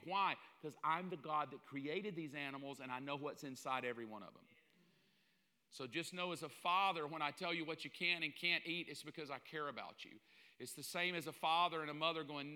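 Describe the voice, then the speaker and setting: A man preaching a sermon in an animated, joking way, often mimicking the voices of other people. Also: on the high side, moderate pace. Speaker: pastor. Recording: long hall reverb.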